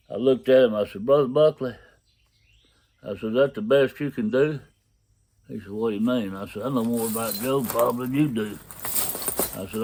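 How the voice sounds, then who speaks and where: Low-voiced man telling his testimony. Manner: folksy, plain-spoken, acts out dialogue in his story. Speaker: person giving a testimony. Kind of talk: personal testimony storytelling.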